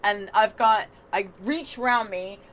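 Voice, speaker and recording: A woman playing a tabletop wrestling game, unhurried and giggly, thinking aloud as she describes her moves. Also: mid-range voice, a bit bright, a little hiss or hum. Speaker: player. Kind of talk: casual tabletop role-play.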